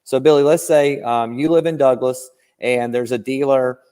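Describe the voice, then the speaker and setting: A man chats as a guest on a podcast, walking through dealership tactics and telling stories with concrete examples. His pitch sits mid-range. The recording carries a long reverb tail. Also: moderate pace, clear, resonant tone. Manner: animated storyteller, explains with examples. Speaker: guest car-dealership trainer. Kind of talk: casual podcast chat.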